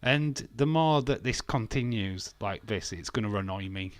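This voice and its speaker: A man's voice: fairly low pitch, lively intonation, moderate pace, no echo. A man hosting a wrestling watch-along stream, ranting bluntly in casual talk, swearing freely and laughing often.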